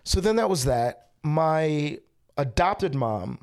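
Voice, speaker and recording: A man's voice: fairly high pitch, expressive, slow. A man in his thirties, a comedian, telling a personal story in a casual, candid chat. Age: 30s. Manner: candid, conversational, quotes people in his own voice.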